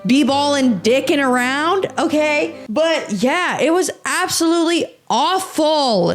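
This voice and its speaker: A young American woman hosting a podcast, reading posts aloud and reacting in an animated, exaggerated, swearing rant. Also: sits high, measured pace, faint music behind. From United States. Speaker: podcast host.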